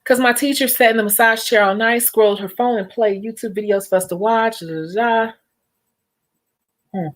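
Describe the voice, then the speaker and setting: A woman's voice: fairly high pitch, fairly even intonation, moderate pace. A young woman who works as a nail technician, chatting casually and animatedly with her viewers and laughing often. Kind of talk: casual vlog chat with viewers.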